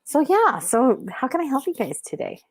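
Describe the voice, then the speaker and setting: A woman's voice: high-pitched, huge pitch swings, moderate pace, slightly rough, no room sound. Middle-aged woman, livestream host, rambling casual chat, dry close sound. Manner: chatty, meandering, full of fillers and restarts. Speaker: livestream host giving intuitive readings.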